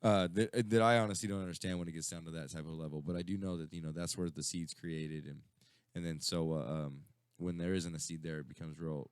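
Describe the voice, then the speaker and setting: Low-voiced man rambling profanely. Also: darkish tone, smooth, no room sound, studio quality. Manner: rambling, profane storytelling with many fillers. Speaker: radio show co-host. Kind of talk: casual stoner chat.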